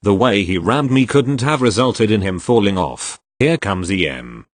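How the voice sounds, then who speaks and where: A man's voice: fairly low pitch, animated, normal speed, dry recording. A man reading online stories aloud, spelling out abbreviations letter by letter. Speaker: narrator reading online posts.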